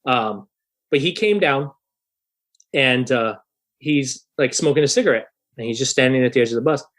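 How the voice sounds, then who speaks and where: A thirty-year-old man telling a story in a casual podcast interview, animated and profane, loudly acting out the people he quotes. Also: medium pitch, normal speed. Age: 30s. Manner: animated, swearing, acts out quoted voices loudly. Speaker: guest musician.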